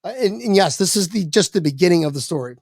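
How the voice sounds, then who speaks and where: A man telling a long anecdote as a podcast guest, lively and profane, acting out the voices of people in it. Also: high-pitched, quick pace, no echo. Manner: animated, swearing, acts out quoted voices. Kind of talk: casual storytelling on a podcast.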